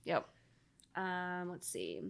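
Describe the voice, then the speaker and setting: A woman's voice: fairly low pitch, big pitch swings, drawn-out words, vocal fry, clean tone. A woman co-hosting a podcast in casual chat, rambling with lots of fillers and frequent laughter. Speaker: podcast co-host.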